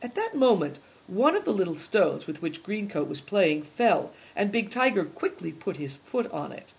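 A narrator reading a story aloud at a steady, even storytelling pace. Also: medium pitch, normal speed, creaky, slightly rough. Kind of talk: audiobook narration.

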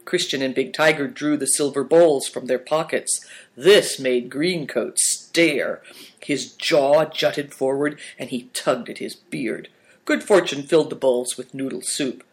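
A man reading a children's novel aloud in a measured, storytelling manner. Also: a little high. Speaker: narrator. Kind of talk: audiobook narration.

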